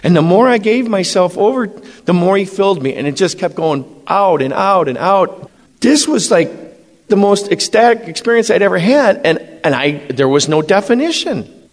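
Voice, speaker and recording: A man's voice: high-pitched, moderate pace. Middle-aged male priest, emphatic testimony, reverberant hall. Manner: animated, emphatic, acts out dialogue. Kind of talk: personal testimony storytelling.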